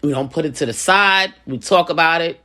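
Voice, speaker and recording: A deep-voiced woman speaks briskly, her tone pushed and bright. She's chatting in a casual vlog, preaching life advice conversationally and repeating phrases often.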